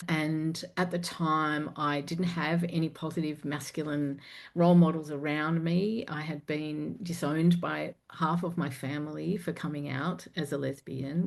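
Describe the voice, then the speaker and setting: A woman guest, a confidence coach and performer, telling personal stories candidly in a podcast interview, animated and frank, with some casual swearing. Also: sits low, vocal fry. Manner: animated, swings loud and soft while retelling a story.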